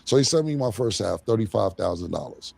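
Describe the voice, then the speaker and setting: A man's voice: lowish voice, expressive, fairly quick, vocal fry, darkish tone, breathy edge, dry recording. A man casually telling a long story, acting out both sides of old phone calls in a laid-back way. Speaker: rapper telling a story on a played clip.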